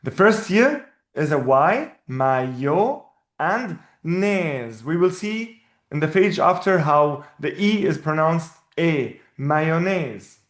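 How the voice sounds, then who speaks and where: Male teacher, slightly high voice, patient and explanatory; echoey room. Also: animated. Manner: patient, explanatory, repeats words slowly. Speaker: Arabic teacher. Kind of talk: one-on-one language lesson.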